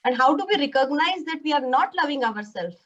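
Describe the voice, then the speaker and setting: A woman hosting an online interview and asking questions, with frequent soft hums of agreement. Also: high-pitched, animated, brisk, far from the mic, highs cut off. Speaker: summit host and interviewer.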